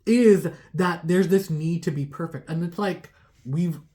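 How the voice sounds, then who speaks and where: A woman's voice: on the low side, measured pace, mellow. A woman giving a casual tarot reading to her viewers, rambling with lots of "like" fillers and laughing at herself. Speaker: tarot reader.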